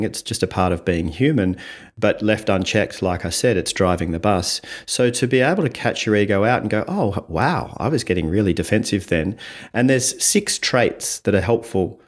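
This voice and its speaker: A man, a visiting communication coach explaining ideas step by step in an interview. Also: lowish voice. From Australia. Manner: explains step by step, often tags with "right?", animated when acting out examples.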